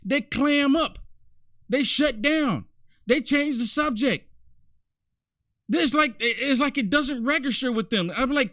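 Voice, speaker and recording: A man's voice: very high-pitched, slow, long pauses, fairly bright tone, no room sound, studio quality. A man hosting a commentary show, talking in a mocking, repetitive way. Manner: mocking, repetitive, many "I mean"s. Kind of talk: political commentary monologue.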